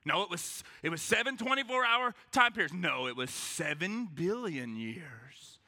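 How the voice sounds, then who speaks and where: A man's voice: high-pitched, measured pace. A man preaching a sermon to his congregation in a church, joking and acting out little voices as he goes. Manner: animated, joking, acts out voices. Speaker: pastor.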